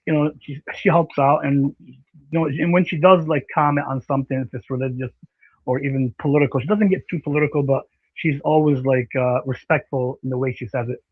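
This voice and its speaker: A man hosting a casual online panel chat, rambling and animated with many fillers. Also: medium pitch, brisk, slightly rough, no echo. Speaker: panel stream host. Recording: slightly dull dry audio.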